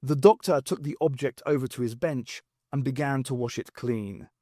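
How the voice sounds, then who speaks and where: Reading an unabridged novel aloud, a male audiobook narrator tells the story in a measured yet expressive way. His pitch is medium, and the sound is dry with studio quality.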